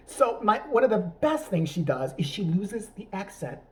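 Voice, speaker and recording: Man ranting, crude, sarcastic, rambling, lively swings in pitch, comedy commentary. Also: normal speed, few pauses, low-quality recording. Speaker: YouTube commentator. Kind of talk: profane comedic rant.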